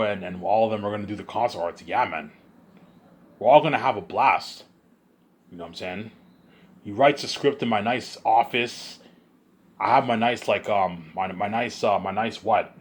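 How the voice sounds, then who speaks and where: A man rambling in an excited monologue, often repeating himself and restarting his sentences. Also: on the low side. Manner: excitable, repeats himself, puts on voices of others. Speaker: vlogger.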